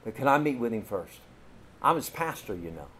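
A middle-aged man with a Kentucky accent, a pastor telling a story in a folksy, animated sermon and calling out to the congregation. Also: medium pitch, a little fast, slight background noise.

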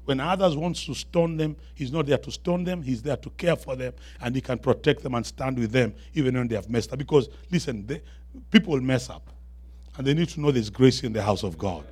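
A guest preacher with an African accent delivers a church sermon in a mid-range, slightly rough, somewhat mellow voice. He shifts from quick, humorous, chatty asides to the congregation into rising, emphatic declarations, calling for them to respond in call-and-response.

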